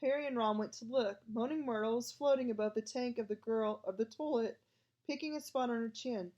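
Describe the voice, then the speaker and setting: A woman's voice: fairly high pitch, a little fast, darkish tone, lo-fi sound. A woman narrating a storybook aloud and voicing every part herself. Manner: reads all parts herself. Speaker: audiobook reader.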